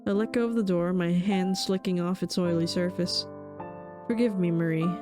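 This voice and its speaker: A woman's voice: on the low side, fairly even intonation, normal speed, music in the background. A woman streamer reading a horror visual novel aloud in a somber, dramatic way, with casual asides.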